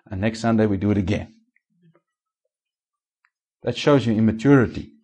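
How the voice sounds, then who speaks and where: A man preaching a sermon as pastor, asking the congregation rhetorical questions and swinging between raised and hushed delivery. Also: fairly low pitch, normal speed, long pauses, breathy edge.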